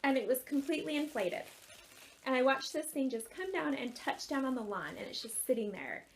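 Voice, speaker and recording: A woman in her thirties tells a personal story with earnest warmth and lively energy. Her voice sits high, and she laughs easily as she talks. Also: a little fast, slight background noise. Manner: earnest, animated, laughs often. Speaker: author and life coach.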